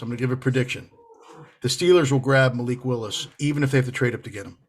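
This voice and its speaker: A man co-hosting a casual sports podcast, easygoing and laughing often as he makes confident predictions. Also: medium pitch. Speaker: podcast co-host.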